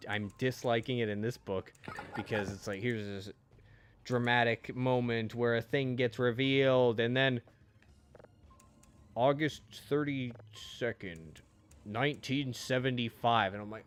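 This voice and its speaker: A man streams a game and chats casually, his medium-pitched voice unhurried against slight background noise. He rambles and swears, filling his talk with frequent fillers.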